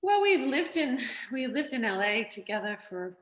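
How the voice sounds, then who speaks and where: A woman with an Australian accent, an actress guest chatting in a casual interview with animated, playful energy. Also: fairly high pitch, normal speed, echoey room.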